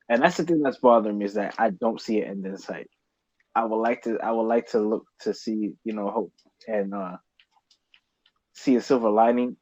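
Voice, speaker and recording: A man's voice: on the low side, a little mellow, slightly rough, dry recording. A man co-hosting a casual podcast chat, rambling with frequent restarts and swearing when riled. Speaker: podcast co-host. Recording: slightly dull lo-fi sound.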